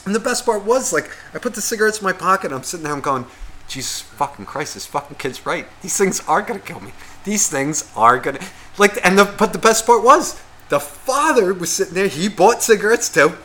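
A man tells a long story on a podcast in a bright, tense voice. He swears constantly and rambles. He acts out what people said along the way, in a casual chat tone. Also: sits high, a little fast. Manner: heavy swearing, rambling, animated retelling with acted quotes. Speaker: podcast co-host.

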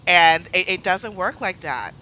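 A woman's voice: on the low side, expressive, measured pace, bright, forceful tone, slight background noise, low-quality recording. A woman in a casual podcast chat, talking bluntly and with open exasperation. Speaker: podcast co-host.

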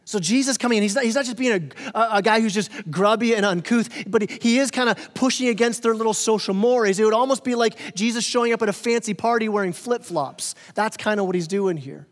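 A man's voice: high-pitched, fast, hardly any pauses. A man preaching a sermon as pastor, conversational and playful, now and then acting out voices of the people in his story. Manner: conversational, playful, acts out quoted characters. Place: church sanctuary. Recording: long hall reverb.

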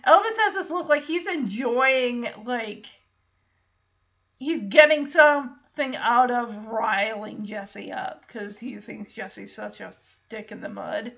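A woman casually recapping a show, animated and often laughing. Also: a little high, slow pace, gravelly, highs cut off. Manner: animated, laughing, acts out characters.

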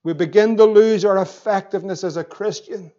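Northern irish pastor preaching, high voice, gets fired up and shouty, muffled lo-fi recording. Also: male voice, fairly quick. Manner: impassioned, rising to shouts, acts out the devil's voice. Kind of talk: sermon. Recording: dull lo-fi sermon recording.

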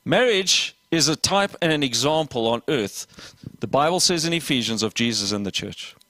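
A man preaching a lively sermon as pastor, voicing little dialogues and asking the congregation questions. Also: medium pitch, no echo. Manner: animated preaching with acted dialogue and audience questions.

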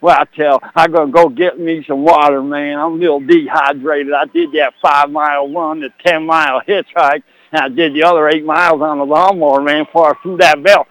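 A man's voice: fairly high pitch, fairly even intonation, fairly quick, fairly bright tone, no room sound, natural voice, low-quality recording. A man voicing a rowdy country cousin who drawls and keeps saying "man" and "I'll tell you what.". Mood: hyped. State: out of breath.

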